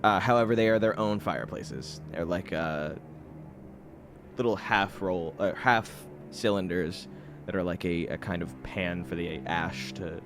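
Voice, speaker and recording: A man's voice: sits low, unhurried, over music. A man running a tabletop game as game master, narrating casually with rambling and frequent laughs.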